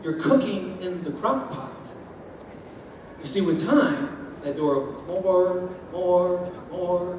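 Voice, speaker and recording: A man with a high voice speaks slowly in an echoey hall, addressing an audience about step parenting. His manner is lively, full of homely food analogies and acted-out quotes. The recording is captured from far off, with faint ambience and a slight hiss or hum.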